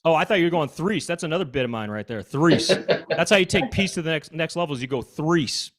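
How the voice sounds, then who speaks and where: A man with a slightly high voice and a brisk delivery does improvised stand-up for an online audience joining by video call. Captured on a video call mic, he's a goofy comedian who riffs with deadpan absurdity and chats with the crowd.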